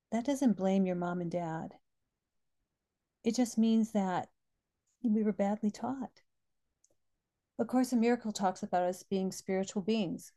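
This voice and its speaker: A woman's voice: medium pitch, warm tone. A middle-aged woman hosting a podcast, telling heartfelt personal stories and quoting spiritual texts. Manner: heartfelt storytelling, quoting scripture. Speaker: podcast host.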